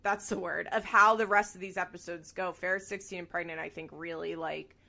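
This podcast co-host recaps a reality show in a loose, lively chat, often laughing and cursing now and then. She speaks briskly in a fairly low, steady voice with vocal fry and a bright, forceful tone.

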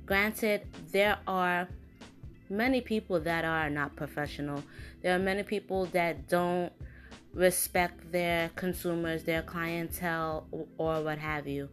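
A woman's voice: lowish voice, steady tone, unhurried, soft background music. A woman hosting her own show, giving a casual, frank opinion monologue with an indignant edge and lots of fillers and restarts. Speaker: podcast host.

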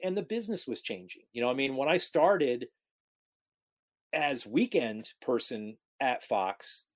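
A man in his forties from upstate New York, a sports broadcaster telling career stories in a casual interview, acting out the voices of the people in them. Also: mid-range voice. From Capital Region of New York. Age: 40s. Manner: animated storyteller, acts out quoted talk.

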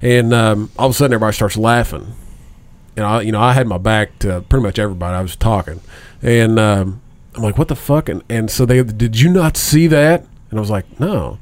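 A man's voice: on the low side, fast talker. A man in his thirties telling a rambling, profane story in casual chat, laughing often. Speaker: podcast co-host.

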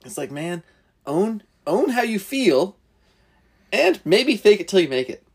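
A man's voice: high-pitched, sing-song, measured pace, husky. A man co-hosting a casual podcast chat, rambling and teasing.

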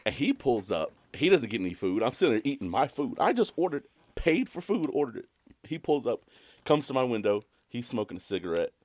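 A young man co-hosting a podcast, telling a long, rambling story full of swearing, and jumping to a high voice when he quotes himself. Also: sing-song, a little fast, darkish tone, no echo. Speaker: podcast co-host. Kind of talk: casual storytelling chat.

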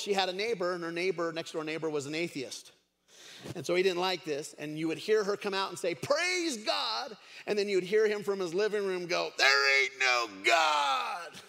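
A man's voice: a little high, gravelly. A man preaching a sermon as a pastor, chatty and storytelling, with frequent fillers. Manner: conversational storytelling, many fillers. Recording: echoey hall.

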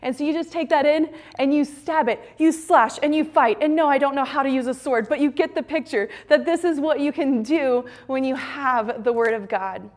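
A woman's voice: high voice, normal speed, hardly any pauses. A young adult woman giving a fervent, emphatic devotional talk at a retreat. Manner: fervent, emphatic preaching that ends in soft prayer. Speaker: retreat speaker.

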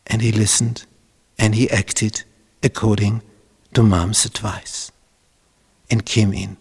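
A male pastor retelling a Bible story in a dramatic, animated sermon style. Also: on the low side, takes it slowly, gravelly, pauses often, husky. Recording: reverberant hall.

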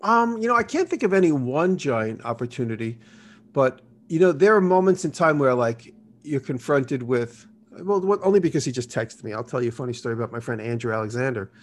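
A man's voice: medium pitch, animated, fairly quick. A man telling casual, rambling stories in an interview and acting out the dialogue in them. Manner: rambling, acts out quoted dialogue. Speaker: guest. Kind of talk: casual storytelling.

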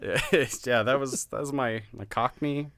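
A man's voice: medium pitch, takes it slowly, gravelly, a bit bright. A man reviewing a video game in casual podcast chat, blunt and laughing often, swearing freely.

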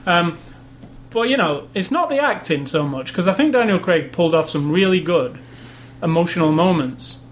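Male co-host, higher voice, casual rambling review talk, light hiss behind. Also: lively intonation, moderate pace. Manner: thoughtful, rambling, restarts sentences. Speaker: movie review podcast co-host. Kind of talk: casual chat.

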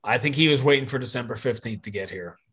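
A man speaks at a middle pitch as a podcast guest. His talk is rambling and opinionated, with many restarts and self-corrections as he works through his point. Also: fast talker, gravelly, fairly bright tone, husky. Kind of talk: casual podcast conversation.

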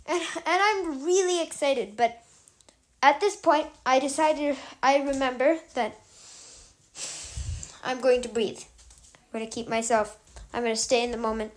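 A young woman podcast host telling a story in a calm, chatty way, loose with fillers. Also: sits high, unhurried, pauses often. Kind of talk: casual storytelling.

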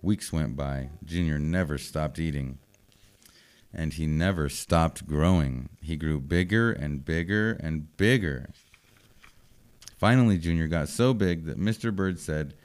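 A man reading a children's storybook aloud in short, simple sentences. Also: rumbling low. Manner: slow, even, simple phrasing for children.

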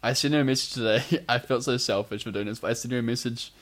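A man's voice: medium pitch, fairly even intonation, quick pace, fairly bright tone. A teenage man, drowsy on sleep medication, rambling and laughing at himself in casual chat. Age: teens. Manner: rambling, laughing, self-deprecating. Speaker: podcast co-host.

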